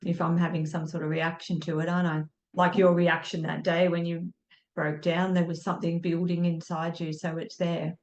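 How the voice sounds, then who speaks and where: A woman's voice: fairly low pitch, level tone, moderate pace, darkish tone, dull audio, a little hiss or hum. A woman guest on a podcast, talking thoughtfully and searching for her words. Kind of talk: reflective casual conversation. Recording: roomy echo.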